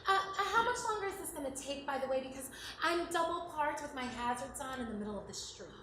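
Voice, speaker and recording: A woman's voice: high-pitched, lively intonation, fast, a bit bright, a little hiss or hum. A woman playing a flustered, anxious mother on a live stage. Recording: live stage with room echo.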